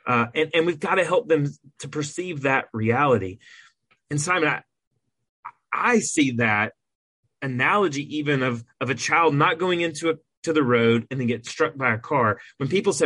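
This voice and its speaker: A man's voice: a little high, lively intonation, normal speed, bright, forceful tone, husky, no echo. A man co-hosting a podcast, an adoptive parent talking in an earnest, emphatic way with frequent restarts. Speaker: podcast co-host. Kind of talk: earnest conversational podcast talk.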